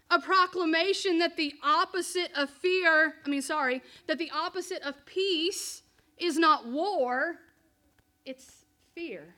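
A woman pastor preaching a sermon and telling a personal story, in an earnest, measured way. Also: high voice, pushed and bright.

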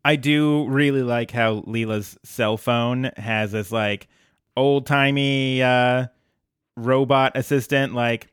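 A man with a steady, mid-range voice co-hosts a podcast, recapping a cartoon episode in casual conversation. He's wry and easygoing, tossing off quick quips. The recording is dry with clean studio sound.

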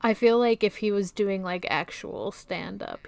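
Slow, gravelly-voiced woman. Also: mid-range voice, darkish tone. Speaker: podcast co-host. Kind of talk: casual podcast chat.

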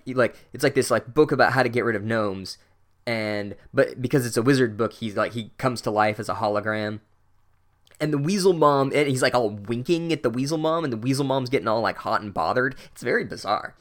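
Sardonic, profane man recapping a book. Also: mid-range voice. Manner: sardonic, profane, filler-heavy. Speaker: book reviewer. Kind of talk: sarcastic chapter recap.

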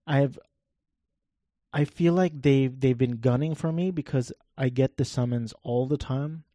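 A man giving rambling, wry gameplay commentary in a flat, monotone voice, swearing offhandedly as he talks. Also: medium pitch, a little slow, no room sound, clean studio sound.

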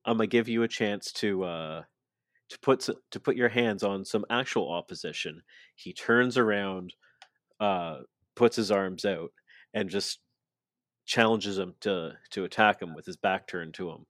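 Deep-voiced man recapping casually. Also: unhurried, a bit bright, no room sound, studio quality. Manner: retells events, acting out quotes loosely. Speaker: podcast co-host. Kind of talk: casual wrestling recap chat.

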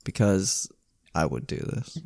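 A man's voice: sits low, big pitch swings, slow pace, vocal fry, darkish tone, dry recording, studio quality. A man in casual conversation, making wry joking asides about a movie. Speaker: podcast co-host. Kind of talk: casual movie recap chat.

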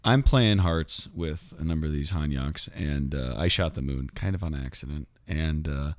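A man's voice: a bass voice, moderate pace, dry recording. A man co-hosting a podcast in casual chat, telling stories with a playful, teasing manner. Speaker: podcast co-host.

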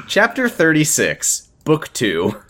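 A man's voice: a little high, wildly swooping pitch, slow pace, fairly bright tone. A man co-hosting a podcast, reading fan fiction aloud in a dry, mock-dramatic way and chatting casually between lines. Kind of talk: casual comedic reading and chat.

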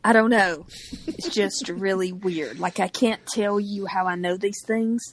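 A woman co-hosting a podcast, chatting casually with quick, playful asides about a TV show. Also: mid-range voice. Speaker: podcast co-host. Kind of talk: casual TV recap chat.

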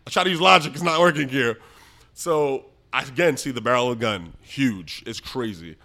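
A young man from the Bronx, telling a story as a podcast guest. He laughs often and acts out his own lines loudly. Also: medium pitch, normal speed. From the Bronx, New York. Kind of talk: animated storytelling.

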